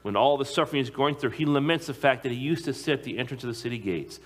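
Man preaching an emphatic sermon. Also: medium pitch. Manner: emphatic, slows down on key phrases, occasional repeated words.

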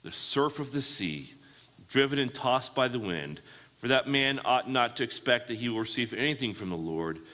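Bright-voiced preacher in a reverberant hall. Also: male voice, mid-range voice, expressive, moderate pace. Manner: asks the audience questions and answers them. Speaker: pastor. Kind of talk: sermon.

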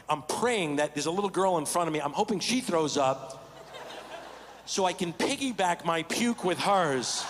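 A man doing stand-up comedy as an animated, self-mocking storyteller on a large theater stage. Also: sits high. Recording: reverberant stage recording with background noise.

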